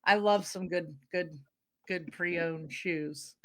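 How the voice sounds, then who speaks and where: A woman co-hosting a casual group chat about reselling, telling lively, playful stories. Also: fairly low pitch, slow. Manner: animated storyteller, playful voices in anecdotes. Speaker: podcast co-host.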